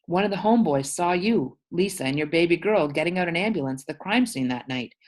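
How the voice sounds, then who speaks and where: A woman's voice: on the low side, animated, a little fast, pitched above the performer's own voice. Woman reading as a blunt, defiant neighborhood man. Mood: explaining. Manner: blunt, defiant street talk.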